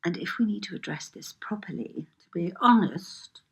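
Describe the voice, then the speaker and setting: An actress in a film clip, speaking slowly and gravely. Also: female voice, on the low side, a bit bright, heavily acted. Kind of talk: film dialogue.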